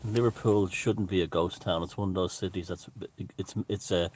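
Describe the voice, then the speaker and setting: A man hosting a casual livestream, chatting loosely and digressively while answering viewer comments, with frequent pauses and fillers. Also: low voice, fairly even intonation, a little mellow, a little hiss or hum. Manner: rambling and digressive, many fillers. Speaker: livestream host.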